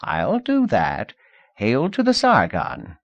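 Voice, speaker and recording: A man's voice: mid-range voice, huge pitch swings, slow, dry recording, highs cut off, voice pushed up. A man voicing a sly old female fortune-teller with a coaxing, evasive patter.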